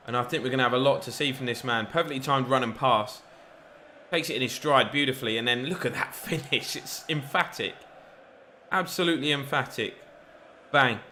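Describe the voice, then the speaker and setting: A man giving chatty, excitable play-by-play commentary over a football video game. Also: a little high, a little fast, a little hiss or hum. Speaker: gaming YouTuber.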